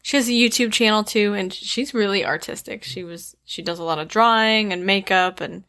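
A woman's voice: medium pitch, normal speed. Chatty woman podcast host. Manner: chatty, laughs often, reads out shout-outs. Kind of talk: casual podcast chat.

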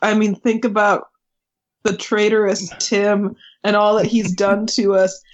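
A woman's voice: medium pitch, level tone, unhurried. A playful woman co-host talks in a casual podcast chat, often in mock indignation. Her voice comes through dull and lo-fi.

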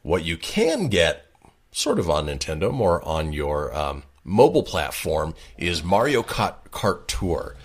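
Deep voiced guy cohosting a podcast, bouncy delivery, laughs a lot. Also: unhurried, slightly rough. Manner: laughs easily, relaxed. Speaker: podcast co-host. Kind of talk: casual chat.

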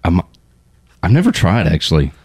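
A man's voice: deep voice, wildly swooping pitch, normal speed, darkish tone. A man co-hosting a radio show in casual, playful banter, joking about doing impressions.

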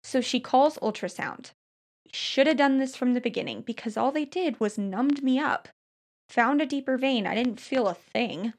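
A woman in casual conversation, animatedly recounting a painful hospital night with many fillers and restarts. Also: high-pitched. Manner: animated storytelling, frequent fillers and restarts, quick laughs. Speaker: storyteller recounting a hospital stay. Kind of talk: casual chat.

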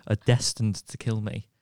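A man with a lowish voice co-hosts a casual comedy podcast, animatedly telling stories and laughing mid-sentence between lines. The recording is studio quality with no room sound.

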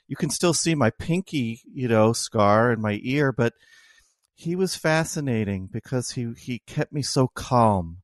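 A middle-aged man, an oncologist, telling a personal story as an interview guest, slow and halting with many restarts. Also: medium pitch, animated, no room sound, studio quality. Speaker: oncologist and author.

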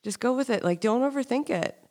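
A woman's voice: fairly high pitch, animated, brisk, mellow. A woman hosting an interview in a chatty, encouraging, conversational way. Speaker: host.

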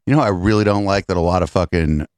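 A man's voice: low voice, fast talker, darkish tone, no echo. A man hosting a podcast, chatting casually and sardonically about politics and swearing often. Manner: sardonic, profane, offhand. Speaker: podcast host.

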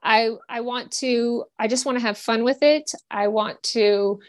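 A young woman, a cyclist, talking as a guest in a casual podcast chat, halting with many fillers and restarts. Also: on the high side, fairly even intonation, no room sound.

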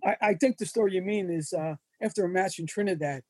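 A man's voice: high voice, quick pace. An older man telling wrestling-road stories as an interview guest, acting out the voices of the people in his anecdotes. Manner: animated anecdotes, acts out quoted voices. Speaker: wrestling photographer and magazine editor. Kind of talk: storytelling in an interview.

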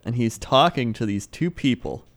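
A man co-hosting a casual podcast, easygoing and quick to laugh as he tells stories. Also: medium pitch, expressive, no echo. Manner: laid-back storyteller, laughs easily. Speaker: podcast co-host. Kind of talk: casual chat.

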